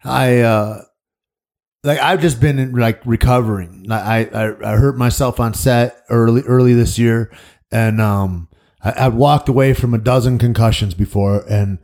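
A man's voice: medium pitch, steady tone, unhurried, darkish tone. A man talking as a podcast guest in casual chat, rambling and emphatic and swearing freely. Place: basement studio.

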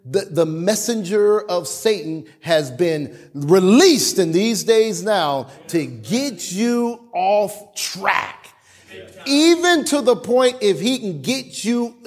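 A middle-aged man pastor preaching a sermon with dramatic pauses and call-and-response. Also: sits high.

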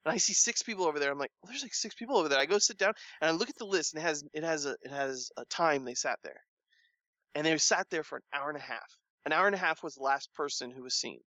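A man chatting casually, telling a long story with animated delivery and acting out the people he quotes. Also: quick pace, no echo. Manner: animated storytelling, acts out quoted lines with rising pitch. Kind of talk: casual chat.

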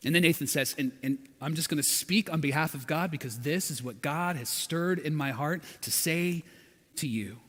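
A man preaching a sermon, retelling a story dramatically with big swings from hushed to loud. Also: on the high side, moderate pace, long reverb tail. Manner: dramatic storytelling, acting out quotes with swings in volume.

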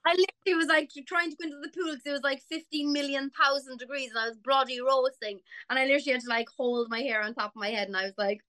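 Chatty young irish woman, bright sharp voice, fairly high, dry close sound. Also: fast talker, hardly any pauses, dry recording. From Ireland. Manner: chatty, animated storyteller. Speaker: singer, interview guest. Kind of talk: casual chat.

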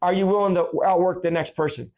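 Male podcast host, higher voice, animated storyteller in casual monologue. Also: fast talker. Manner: animated, tells anecdotes acting out quotes.

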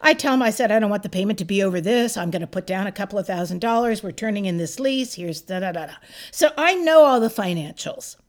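A woman of sixty-seven telling a personal story in a casual, animated and exasperated way. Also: mid-range voice, fast talker. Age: 60s.

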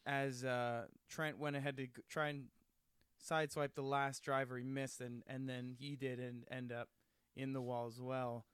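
A man's voice: mid-range voice, flat delivery, normal speed, a bit bright, clear, resonant tone, no echo. A man playing along as a dry interviewer in an improvised comedy sketch.

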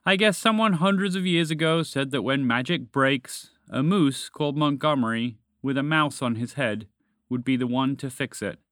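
Man voicing an orange dragon, calm, wry, matter-of-fact, slightly raised pitch, storybook. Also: normal speed, no echo, clean studio sound, close to an everyday voice. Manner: gentle, shrugging, matter-of-fact.

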